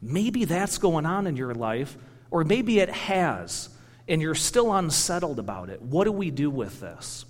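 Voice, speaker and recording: A man's voice: on the high side, very animated, a little slow. A middle-aged man, a pastor, giving a sermon in a conversational, storytelling way with personal anecdotes. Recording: reverberant hall.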